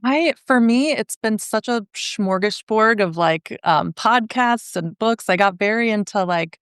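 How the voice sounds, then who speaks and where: A woman's voice: mid-range voice, measured pace, fairly bright tone, clean tone, dry recording, clean studio sound. A woman guest on a podcast interview, talking casually and filling her speech with "like" and "um.". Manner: chatty, many "like" and "um" fillers, laughs easily. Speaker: podcast guest, show jumping photographer.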